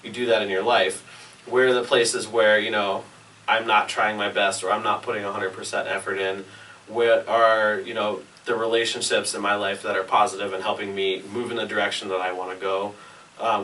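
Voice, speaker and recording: Bright-toned man reflecting in casual chat. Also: fairly low pitch, flat delivery, a little fast. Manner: reflective, earnest, swears. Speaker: podcast co-host. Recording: distant mic, faint hiss.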